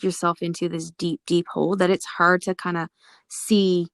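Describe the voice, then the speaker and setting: A young adult woman speaks as a podcast guest in a low voice with plenty of vocal fry. She is earnest and reflective, recorded close and dry with no room sound. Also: little pitch movement, normal speed, no room sound. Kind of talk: casual podcast interview.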